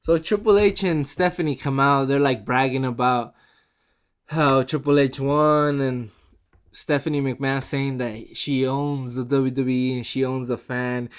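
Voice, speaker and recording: Excitable, chatty man giving a review. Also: mid-range voice, measured pace, clear, resonant tone. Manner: excitable and chatty, often laughing. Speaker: show reviewer. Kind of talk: casual spoken review.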